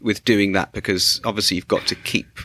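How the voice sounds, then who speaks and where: Male podcast host, low and bright, dry close sound, rambling questions. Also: steady tone, a little fast, no room sound. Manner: long rambling questions with restarts. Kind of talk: interview questions.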